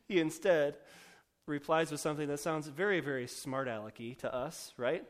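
Guy preaching, kinda high voice, cracks jokes at himself, lots of uh and like. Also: normal speed. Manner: joking, self-mocking, chatty with fillers. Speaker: pastor. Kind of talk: sermon.

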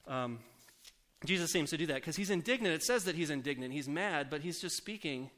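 A man preaching a sermon in a conversational way, asking the congregation questions and slowing down to softly repeat scripture. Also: on the high side, animated. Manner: slows down and softens for scripture quotes.

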